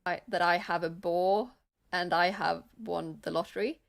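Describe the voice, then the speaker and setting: A woman's voice: fairly low pitch, fairly even intonation, unhurried, gravelly. A woman thoughtfully recounting, step by step, how she translated a sentence. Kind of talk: explaining a translation.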